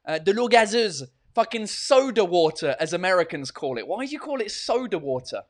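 A man's voice: high-pitched, very animated, a little fast. A man hosting a casual live-stream podcast, rambling and swearing freely as he chats from a hot room with a fan running. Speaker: podcast and livestream host.

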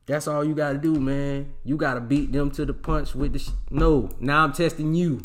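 A man's voice: on the high side, steady tone, normal speed. A man talking in a casual monologue, giving blunt, slangy relationship advice with emphatic delivery. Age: adult with a child.

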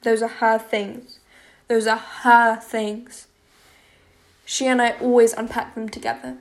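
A woman narrates a first-person audiobook with intimate, emotionally charged delivery. Her voice sits fairly high. Its melody stays narrow and contained. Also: flat delivery, slow pace.

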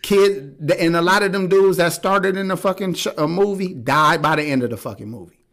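A man's voice: sits high, a little fast, a bit bright. A man hosting a podcast, talking in a casual, blunt and profane way with strong opinions. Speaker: podcast host. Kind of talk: casual chat.

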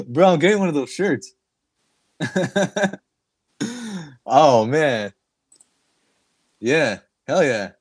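Excitable laughing man, casual chat. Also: fairly high pitch, drawn-out words, pauses often, husky. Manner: laughs often, excitable, swears. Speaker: podcast co-host.

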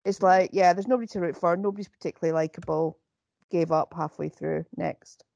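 Woman on a video call, low gravelly voice, dry sound, blunt. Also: steady tone, fairly quick, dark tone, dry recording, muffled recording. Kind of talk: casual chat.

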